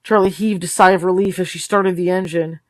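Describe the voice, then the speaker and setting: A tired woman reading a novel aloud in steady, low-key storytelling narration. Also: a little fast, dry recording. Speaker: audiobook reader. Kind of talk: read-along narration of a novel.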